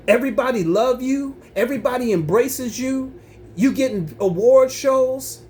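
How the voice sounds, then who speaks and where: A man's voice: high-pitched, a little mellow, a little hiss or hum. A man giving impassioned religious commentary on his own channel, emphatic and preachy, repeating himself and breaking into angry rising outbursts.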